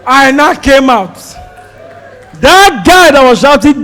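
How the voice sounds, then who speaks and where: A Nigerian man performing a stand-up comedy set, telling a story and acting out shouted prayers. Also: very high voice, expressive, slow pace, pauses often. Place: comedy stage before a live audience. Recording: live show with crowd audible.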